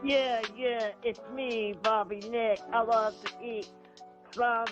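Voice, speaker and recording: A man's voice: very high-pitched, fairly even intonation, slow, lo-fi sound. A man playing a crude, goofy avocado lover in a sing-song novelty song over music. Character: crude silly avocado-loving man singing a jingle.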